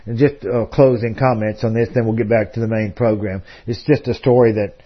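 A man's voice: on the low side, steady tone, fairly quick, slightly rough. Rambling talk-radio man, lo-fi sound. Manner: discursive, frequent fillers and restarts. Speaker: radio host.

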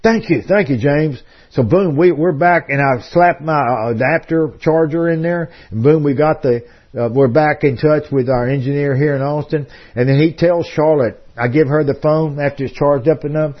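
A man's voice: fairly high pitch, moderate pace, lo-fi sound. A man hosting a talk radio program, telling a long story in a discursive way with frequent fillers and restarts. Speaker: radio host.

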